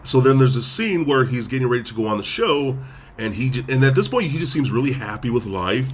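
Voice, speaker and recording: A man's voice: mid-range voice, animated, a little fast. A man hosts a laid-back podcast, retelling a film scene by scene in a loose, rambling way. He stumbles over restarts and keeps leaning on fillers. A faint hiss sits under his voice. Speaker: podcast host. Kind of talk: casual movie review chat.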